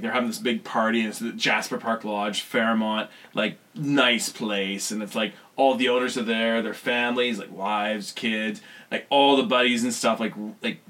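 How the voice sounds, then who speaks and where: A young man from western Canada telling long, animated stories in casual chat, often bursting into loud quoted voices and laughter. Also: fairly low pitch. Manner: animated storyteller, laughing, shouting voices of people in his stories.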